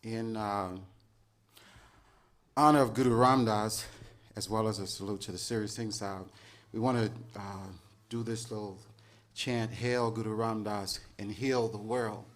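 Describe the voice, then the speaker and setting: A man speaking to a gathered crowd, leading them into a chant. His delivery is halting, broken by frequent filler pauses as he invites everyone to join in. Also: fairly low pitch, steady tone. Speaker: gathering leader. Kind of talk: announcement to an audience.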